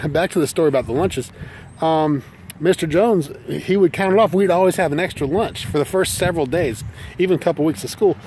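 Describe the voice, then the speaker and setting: Middle-aged nc guy, folksy storyteller, kinda high voice, faint traffic outside. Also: darkish tone. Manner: folksy, chuckling, self-deprecating. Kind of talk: casual personal storytelling. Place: outdoors by an old school building.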